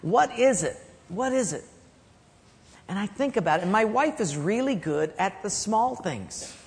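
Pastor in a reverberant church hall. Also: male voice, high-pitched, expressive, a little slow. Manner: storytelling, drops to a soft hush for key points. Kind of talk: sermon. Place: church sanctuary.

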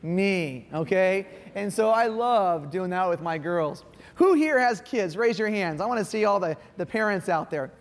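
A man in his forties preaches in a church, his voice notably high for a man and carried by a long, ringing reverb. He talks in a folksy, playful way, joking with the congregation. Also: animated, unhurried. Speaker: guest pastor. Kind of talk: sermon. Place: church sanctuary.

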